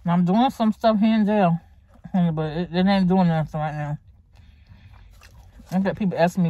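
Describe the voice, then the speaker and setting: A woman's voice: lowish voice, normal speed, pauses often, mellow, dry recording, muffled recording. A woman vlogger chatting to her viewers in a heartfelt, faith-filled way, calling them honey and y'all. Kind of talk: casual chat to camera.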